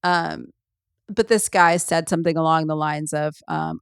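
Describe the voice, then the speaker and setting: A woman's voice: fairly low pitch, animated, moderate pace, gravelly, clean tone, dry recording, studio quality. A woman hosting a solo podcast, chatting casually and rambling with many ums and asides. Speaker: podcast host.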